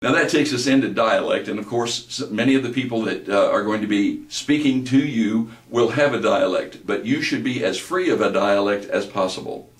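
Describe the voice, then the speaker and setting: A man lectures on voice delivery in a steady, instructive way. His voice sits on the lower side, and he draws words out slowly when demonstrating them. The recording is roomy, with the mic some distance away. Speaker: voice-over instructor.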